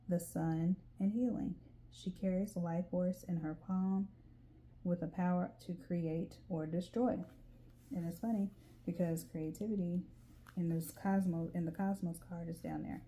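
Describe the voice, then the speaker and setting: A woman with a Southern US drawl talks through a tarot reading in a casual, chatty way and reads card passages aloud. Her voice sits fairly low and sounds dark and mellow. Faint background noise runs under the recording. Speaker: tarot reader.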